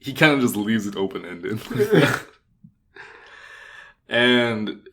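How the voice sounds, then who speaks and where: A man's voice: on the low side, expressive, slow pace, vocal fry, fairly bright tone. A young man co-hosting a podcast in casual chat, rambling and laughing often. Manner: chatty, giggly, rambling with restarts. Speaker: podcast co-host.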